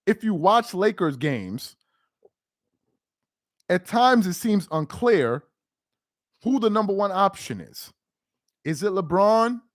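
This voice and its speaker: Excitable man chatting on a live stream. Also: on the high side, no echo, clean studio sound. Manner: excitable, laughing, repeats himself. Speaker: live-stream basketball commentator. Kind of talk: casual live-stream chat.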